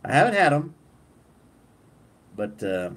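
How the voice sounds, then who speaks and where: A man hosting a casual live stream, relaxed, reading viewer comments aloud and laughing often. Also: mid-range voice, slow, rough recording. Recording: clear background noise.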